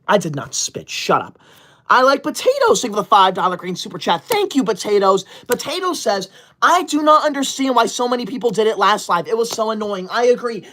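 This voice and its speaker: A woman streaming live to her chat, thanking donors one moment and bossily scolding viewers the next. Her indignant voice jumps into sudden shouted outbursts. It sits at an ordinary middle pitch. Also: lively intonation, a little fast. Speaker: livestream host. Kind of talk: casual livestream chat, reading super chats.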